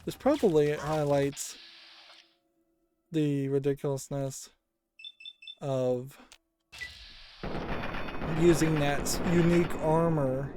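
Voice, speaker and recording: A man's voice: a little high, dark tone, a little hiss or hum. A man casually commenting on a game he is playing, thinking aloud with musing hums. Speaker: let's play gamer.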